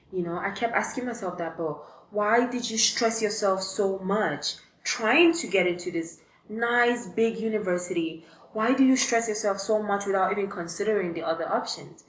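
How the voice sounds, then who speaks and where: A woman's voice: medium pitch, fairly bright tone. A young woman, telling a story in a casual, chatty vlog with lots of fillers. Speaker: vlogger. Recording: echoey room.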